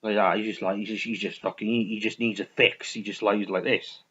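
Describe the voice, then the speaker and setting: A man's voice: lowish voice, steady tone, a little fast, pushed and bright, husky. Rambling, swearing man, lo-fi. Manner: rambling, restarts a lot, swears freely. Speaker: vlogger reviewing films. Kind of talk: casual film review rant. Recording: dull lo-fi recording.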